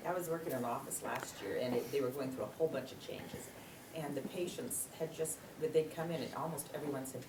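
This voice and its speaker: A woman in a workshop sharing a story from her job, rambling with quick restarts. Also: very deep voice. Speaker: workshop participant. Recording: echoey room, mic far off, noisy.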